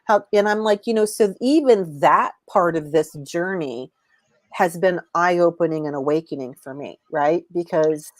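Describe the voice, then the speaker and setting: A woman's low voice, recorded dry and close. She rambles through a casual live chat, breaking off and restarting her sentences. She is a guest and an intuitive reader. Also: measured pace, dry recording.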